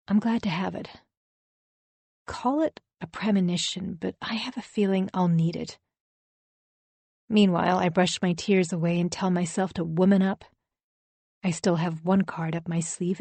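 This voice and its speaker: A woman narrating a first-person thriller audiobook in an even, wry storytelling manner. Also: on the low side, no room sound.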